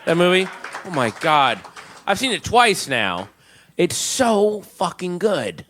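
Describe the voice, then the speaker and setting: A man's voice: high voice, big pitch swings, takes it slowly, fairly bright tone. A man doing a stand-up comedy set, rambling, profane and self-mocking.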